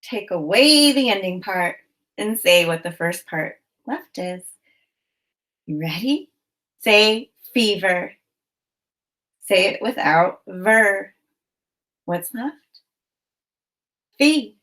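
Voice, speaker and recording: A woman teacher leading a children's phonics lesson, speaking in slow, clearly enunciated prompts with encouragement. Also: medium pitch, expressive, a bit bright.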